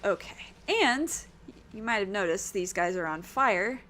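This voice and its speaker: A woman with a rough, worn throat, chatting casually with her viewers while streaming a video game, rambling and swearing now and then. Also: mid-range voice, expressive, unhurried, fairly bright tone, a little hiss or hum.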